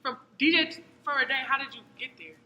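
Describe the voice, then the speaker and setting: A Cleveland woman co-hosting a casual podcast chat, encouraging her friend with quick affirmations. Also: high voice, lively intonation, bright, forceful tone. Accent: American, Cleveland. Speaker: podcast co-host. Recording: echoey room, faint noise.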